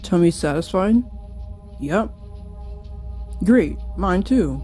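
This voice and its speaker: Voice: medium pitch, mellow, faint music behind. A young author reading an old story of their own aloud, breaking off for giggly, self-mocking asides. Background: slowed-down song.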